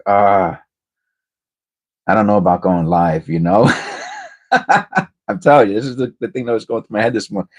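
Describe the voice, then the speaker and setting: Deep-voiced man telling a rambling story. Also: a little mellow, breathy edge. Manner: rambling, hesitant, conversational with many fillers. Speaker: livestream host. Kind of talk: casual storytelling livestream.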